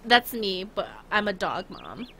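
A woman's voice: medium pitch, sing-song, measured pace, bright, forceful tone, slightly rough. A young woman streaming a game, chatting casually and rambling with giggles, talking to her chat and her dog.

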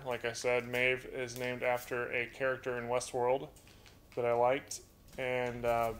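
A man with a raspy, mid-range voice casually hosts a live Q&A stream from home, rambling as he reads chat messages aloud and speaks to his pet birds.

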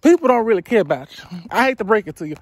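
A woman's voice: mid-range voice, animated, racing. A woman in her twenties chatting casually while walking outdoors, out of breath, giving blunt, profane advice straight into a handheld phone camera. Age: 20s. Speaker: vlogger. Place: outdoors on roadside near woods.

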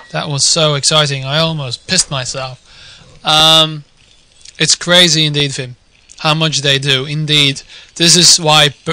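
A young man with a Dutch accent casting a video game live, drifting from quiet musing to shouted excitement. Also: on the high side, clean tone. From Netherlands. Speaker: game caster.

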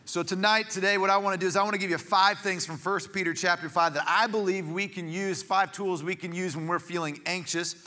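A pastor preaches in a church with a high, bright voice. He tells stories conversationally, often restarting phrases as he goes. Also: steady tone, fairly quick, few pauses. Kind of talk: sermon. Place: church sanctuary.

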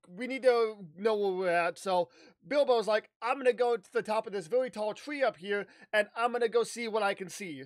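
A man telling a casual, animated story on his vlog, rambling with restarts and the odd swear word. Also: sits high, no echo. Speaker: YouTuber.

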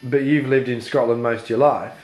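A man as a deadpan interviewer. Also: mid-range voice, fairly quick, lightly acted. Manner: plain, probing questions. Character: dry male interviewer questioning a comic. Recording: echoey venue with hum.

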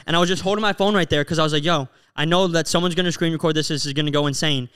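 A man's voice: on the high side, very fast, clear, resonant tone. A young man, a podcast co-host, telling a story in casual chat and acting out what people said. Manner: animated, acts out quotes while telling a story.

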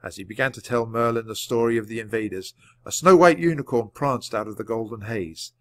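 A man reading a children's book aloud at a clear, measured pace. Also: medium pitch, dry recording. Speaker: storybook reader.

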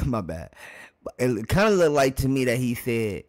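A man's voice: medium pitch, big pitch swings, moderate pace. Man, casual reaction commentary, laughs a lot, speaks to the viewers. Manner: laughs often, talks straight to viewers. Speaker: reaction video host.

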